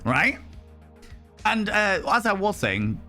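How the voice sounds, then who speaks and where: A man live-streaming and chatting to his viewers, loud, brash and theatrical, swearing freely. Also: high-pitched, big pitch swings, slow pace, faint music behind.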